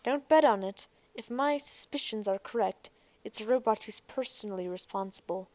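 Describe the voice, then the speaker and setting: A woman reading the part of an earnest, clever young man in an audiobook, talking in a slightly hurried, explaining way. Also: medium pitch, a little mellow, dry recording, natural voice.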